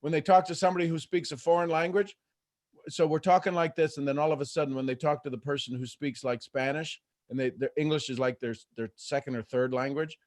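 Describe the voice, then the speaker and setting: A man hosting a live coaching call, talking in an animated way and acting out the voices in people's heads. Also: on the high side, brisk. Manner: animated, acts out inner voices. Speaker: host and motivational coach.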